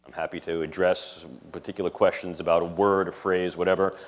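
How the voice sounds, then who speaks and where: A deep-voiced man with a New York City accent speaks fairly quickly in a level tone. As a guest lecturer in a lecture room before an audience, he gives a discursive, academic public talk full of technical jargon.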